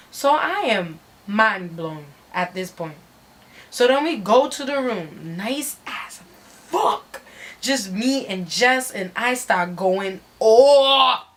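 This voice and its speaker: A woman's voice: mid-range voice, a bit bright. A woman giving a dramatic story reading in a brash, profane, slangy way.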